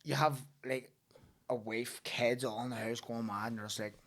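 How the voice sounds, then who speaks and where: A man's voice: medium pitch, fairly even intonation, normal speed, a bit bright. A man with a Belfast accent, a boxer guesting on a podcast, trading sweary, laughing banter in casual chat. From Northern Ireland.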